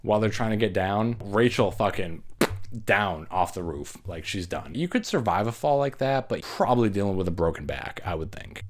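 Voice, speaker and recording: A man casually recapping a horror movie, animated, acting out the characters and laughing as he goes. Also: on the low side. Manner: animated retelling, acts out characters, laughs often. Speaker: movie reviewer.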